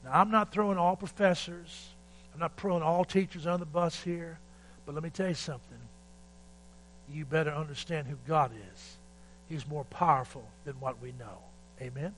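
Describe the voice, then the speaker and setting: Bright-voiced folksy preacher, man. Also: on the high side, fairly even intonation, moderate pace, slight background noise, poor audio. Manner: folksy storytelling preacher who builds to shouting climaxes; calls for amen from the congregation. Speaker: pastor. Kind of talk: sermon.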